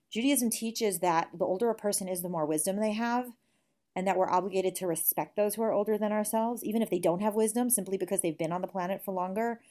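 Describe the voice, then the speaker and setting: A woman's voice: medium pitch, a little mellow. A woman in her forties, a guest in an interview, speaking in a reflective, candid way with frequent restarts. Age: 40s. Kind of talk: conversational interview.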